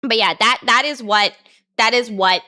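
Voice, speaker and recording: A woman streamer in excitable, giggly casual chat, often repeating herself. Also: fairly high pitch, normal speed.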